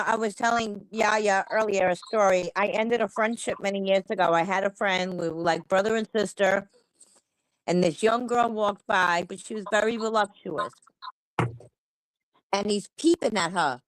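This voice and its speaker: A woman's voice: mid-range voice, steady tone, unhurried, long pauses, no echo, low-quality recording. A woman hosting a livestream, ranting angrily and bluntly with heavy swearing. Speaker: livestream host. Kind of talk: heated commentary rant.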